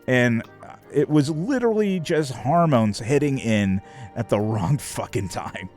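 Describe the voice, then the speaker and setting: A man's voice: medium pitch, animated, measured pace, darkish tone, faint music behind. A man chatting casually on a live stream, rambling and swearing, with many fillers.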